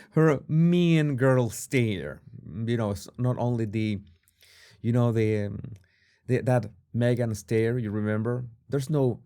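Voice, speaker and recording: A man giving casual video commentary on body language. He talks in halting bursts and restarts his sentences often, with a dry, sarcastic edge. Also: medium pitch, darkish tone.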